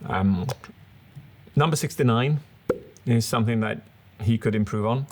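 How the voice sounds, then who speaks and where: A man's voice: mid-range voice, unhurried, a little mellow, a little hiss or hum. A man co-hosting a casual commentary, analysing a speech with enthusiasm and acting out examples with his voice. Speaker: public speaking coach, co-host.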